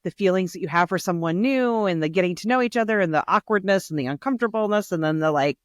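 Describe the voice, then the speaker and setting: A woman's voice: on the low side, fast, no room sound, clean studio sound. A woman hosting a podcast in casual chat, reflective and thinking aloud with plenty of hedging fillers. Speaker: podcast host.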